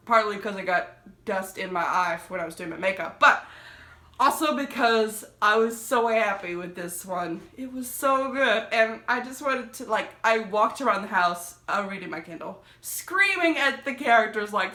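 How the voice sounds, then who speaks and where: A woman talking about her favorite books in a casual vlog, gushing and excitable, rambling with lots of fillers. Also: mid-range voice, moderate pace. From United States. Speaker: book vlogger. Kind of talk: casual book review vlog. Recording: echoey room.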